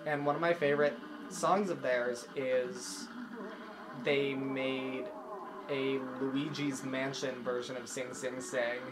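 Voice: mid-range voice, fairly even intonation, takes it slowly, background noise. A gaming channel host giving casual, rambling let's-play commentary, easily distracted and given to humming tunes aloud. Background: video game music.

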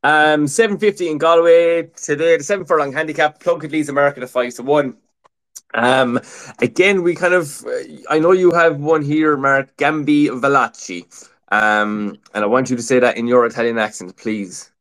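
A man's voice: on the high side, moderate pace, fairly bright tone. Man, casual racing preview host, filler-heavy chat. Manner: chatty, many fillers like "look" and "um".

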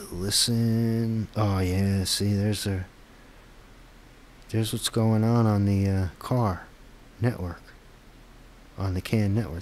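Man muttering through buggy app testing. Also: fairly low pitch. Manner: muttering, frustrated, talks to himself while debugging; rambling, self-deprecating asides. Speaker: app developer vlogger. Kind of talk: casual screen-recorded tech vlog.

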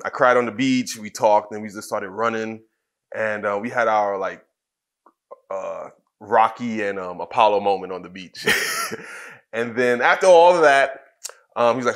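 Speaking in a lowish voice with a fairly bright tone, a middle-aged man from Trinidad who used to wrestle recounts personal stories as an interview guest. He is candid but halting, with lots of fillers and false starts in this relaxed storytelling.

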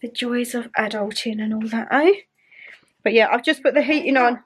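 A woman's voice: fairly high pitch, steady tone, brisk, a bit bright, breathy edge. A young woman with a Northern English accent, chatting casually and giggling at herself in a home vlog. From Northern England. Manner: chatty, giggly, self-mocking. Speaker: vlogger.

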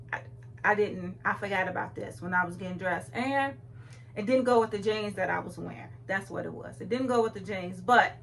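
A woman's voice: medium pitch, normal speed, creaky, a little hiss or hum. A young adult woman, chatting playfully to camera about clothes, recorded on a phone at home. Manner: chatty, playful, talks straight to viewers. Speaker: fashion vlogger. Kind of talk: casual chat to camera.

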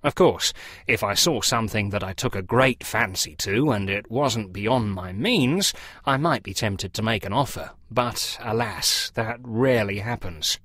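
A man's voice: lowish voice, measured pace, fairly bright tone, no room sound, studio quality. A man voicing a fussy middle-aged antique dealer who pleads in a breathless, fluttering way as if unwell. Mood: fussy modesty.

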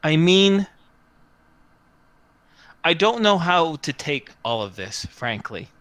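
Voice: medium pitch, big pitch swings, takes it slowly, fairly bright tone, dry recording. A game master voicing a snooty, skinny young man who scolds primly and sighs with exasperation. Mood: stern.

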